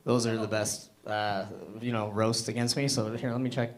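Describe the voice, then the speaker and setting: A man's voice: lowish voice, little pitch movement, moderate pace. A young man from Hamilton, Canada, doing a loose, rambling open-mic stand-up set full of fillers and self-deprecating asides. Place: comedy club stage.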